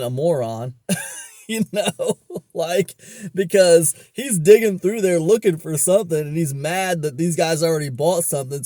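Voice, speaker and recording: A man's voice: medium pitch, darkish tone, no echo. Casting note: everyday man telling a store story to camera, loose and chatty, with a mid voice in a dead, dry room. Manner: rambling, many fillers and restarts. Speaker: online business vlogger. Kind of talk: casual storytelling monologue.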